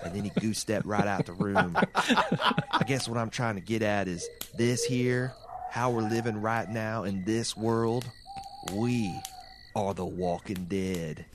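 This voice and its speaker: A man's voice: fairly low pitch, lively intonation, unhurried, very noisy. A man playing a weary, earnest survivor leader in a comedy sketch, rambling through confessions.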